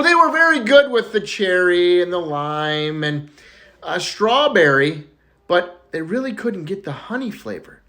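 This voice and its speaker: Lively, high-voiced man telling jokes. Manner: laughs loudly at his own punchlines. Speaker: joke teller. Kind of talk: casual joke telling.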